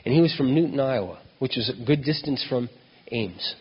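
A male preacher telling a story in a sermon, in an animated way. He acts out the dialogue, and his voice is husky. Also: medium pitch, moderate pace, in a large hall, dull audio.

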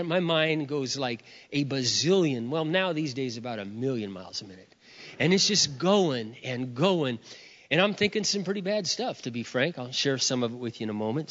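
A middle-aged man preaching a sermon, telling a personal story in an expressive, animated way, his voice surging loud and dropping low. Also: normal speed. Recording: dull sound, long reverb of a hall.

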